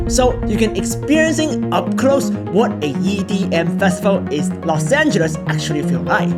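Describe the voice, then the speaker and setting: A man hosting a tech channel, narrating a product tutorial in earnest, explanatory short sentences. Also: sits high. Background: background music.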